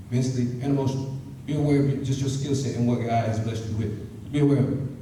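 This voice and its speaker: In a university hall, a man with a mid-range voice gives an energetic motivational talk to students and calls on them to chant along. The sound is echoey and distant, with slight background noise.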